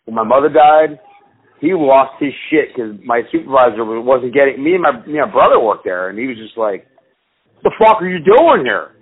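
Animated and brisk, this man has a mid-range voice with a breathy edge. As a podcast co-host, he swears his way through meandering stories in a relaxed chat with friends, recorded with a thin, phone-like quality.

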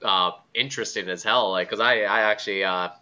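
A man's voice: lowish voice, fairly even intonation, fairly quick, sharp tone, clean tone, muffled recording. A man in casual podcast chat, asking questions and reacting with amusement.

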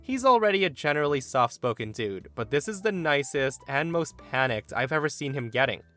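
Lively, bright-voiced male storyteller. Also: on the high side, brisk, soft background music. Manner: animated, expressive storytelling. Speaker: narrator. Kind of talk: reading a Reddit story aloud.

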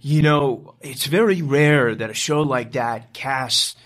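A man's voice: mid-range voice, takes it slowly, fairly bright tone. A man hosting an interview, asking casual questions and chiming in often to encourage his guest. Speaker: interviewer host.

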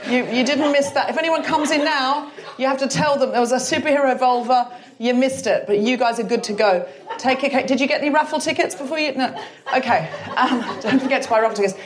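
High-voiced woman hosting a live crowd. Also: brisk. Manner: joking banter with the audience. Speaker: host. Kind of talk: live comedy show hosting. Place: live venue stage.

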